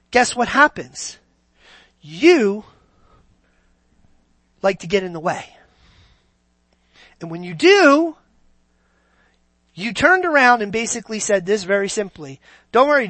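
A man preaching to his congregation with a bright, forceful voice. He leans hard on key words and keeps firing rhetorical questions at the room. The sound is close and dry, with little room echo. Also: sits high. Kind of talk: sermon.

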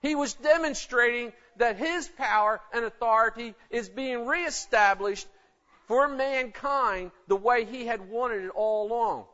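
A man's voice: very high-pitched, bright, forceful tone. A man preaching a sermon in an emphatic, conversational way. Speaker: pastor. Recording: dull lo-fi recording.

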